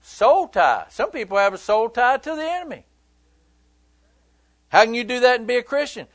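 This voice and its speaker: High-voiced man preaching conversationally. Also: sing-song, normal speed, fairly bright tone, no room sound. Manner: conversational and emphatic, joking with the congregation. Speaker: pastor. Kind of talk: sermon.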